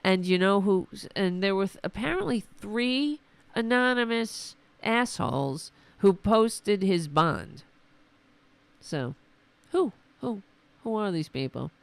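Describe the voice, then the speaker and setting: Hoarse lady ranting sarcastically on her stream, slow gravelly drawl, kinda losing her voice. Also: mid-range voice, expressive, no room sound. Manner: sarcastic, exasperated, rambling. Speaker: livestream host. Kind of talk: sarcastic political commentary.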